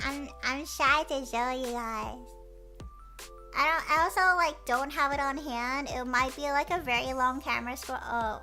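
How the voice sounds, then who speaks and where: A woman streamer with a cutesy voice chats with her viewers and tells stories in a giggly, animated way. She speaks in a very high, bright tone at an unhurried pace. Faint music plays in the background. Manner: giggly, animated storytelling, squeals when excited. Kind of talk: casual chat.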